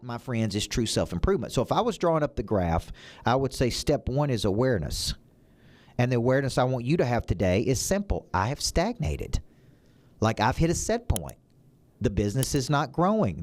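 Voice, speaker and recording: A man coaches his audience through a motivational talk in a voice of ordinary, middling pitch. He talks emphatically, stacking short phrases in punchy repeated lists. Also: sing-song, brisk. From United States. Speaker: business coach.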